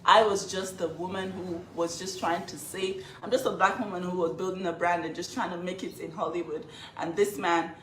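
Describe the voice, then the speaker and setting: A woman's voice: lowish voice, steady tone, normal speed, few pauses, a bit bright. A woman from Nigeria telling her side of a broken marriage, shaky but defiant. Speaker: social media personality. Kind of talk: emotional on-camera statement. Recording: echoey room with faint hiss.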